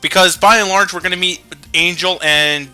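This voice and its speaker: A man's voice: sits high, fairly even intonation, normal speed, bright, forceful tone, smooth, soft background music. A man commenting casually on a video game he plays, joking, swearing and explaining game mechanics. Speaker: let's play commentator.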